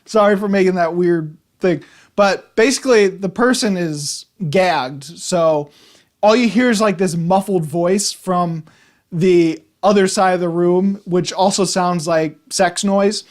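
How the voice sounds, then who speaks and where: High-voiced man griping about a film. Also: slow pace. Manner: rambling and exasperated, many restarts. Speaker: movie reviewer. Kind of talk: casual spoken film review.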